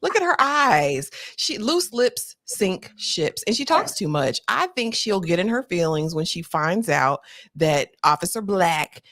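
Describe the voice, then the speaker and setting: A woman making lively, mocking remarks about characters in a TV show. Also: fairly low pitch. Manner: lively, mocking, quick asides. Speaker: panelist on a live TV breakdown stream. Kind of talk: casual slangy commentary.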